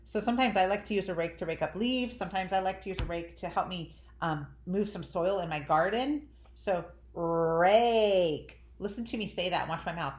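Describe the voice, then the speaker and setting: A woman teaching young children a phonics lesson in an animated, drawn-out sing-song teacher voice. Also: on the low side. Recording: echoey room.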